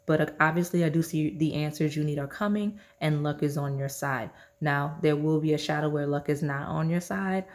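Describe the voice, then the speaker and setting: Female tarot reader, deep-set voice, casual rambling delivery full of "um" and "like". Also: fairly quick, hardly any pauses. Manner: rambling, chatty, many fillers and restarts. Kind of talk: casual pick-a-card tarot reading.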